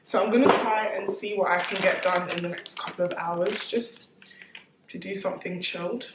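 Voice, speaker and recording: A woman's voice: mid-range voice, fairly even intonation, normal speed. Chatty young woman vlogging. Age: 20s. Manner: chatty, candid, slangy. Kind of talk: casual vlog chat to camera. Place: at home. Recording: roomy echo, faint noise.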